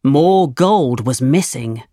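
A narrator giving a measured, clear reading of a chapter book. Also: mid-range voice, lively intonation, warm tone, no room sound, studio quality. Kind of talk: storybook reading.

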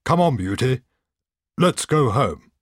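A kindly country squire speaks in a calm, measured manner, as a man reads him. The voice has a husky edge and moves a lot in pitch. It is a storybook reading on a dry recording. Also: no echo, exaggerated voice.

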